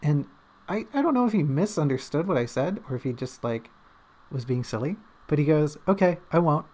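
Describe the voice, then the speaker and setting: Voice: medium pitch, lively intonation, a little fast, dark tone. A livestreamer chatting casually and rambling, with self-mocking jokes.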